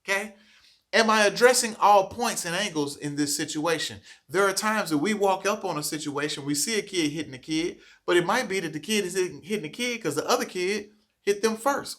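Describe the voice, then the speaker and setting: A man's voice: high voice, a bit bright. Earnest man coaching teachers. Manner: earnest, coaching, frequent "okay?" check-ins. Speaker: trainer of childcare teachers. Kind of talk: staff training talk.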